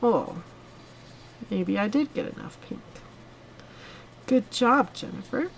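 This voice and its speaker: A woman's voice: a little high, animated, slow, creaky, slight background noise, low-quality recording. A woman hosting a live coloring tutorial, chatting casually as she demonstrates step by step. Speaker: host of a live coloring stream.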